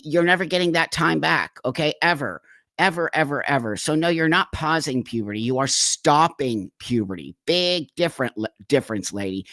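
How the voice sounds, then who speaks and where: A man's voice: on the high side, a bit bright, no echo. A man with a somewhat raised voice delivers indignant reaction commentary, hammering his points home by repeating them. The recording is dry and close, with no room sound. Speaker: channel host reacting to a clip.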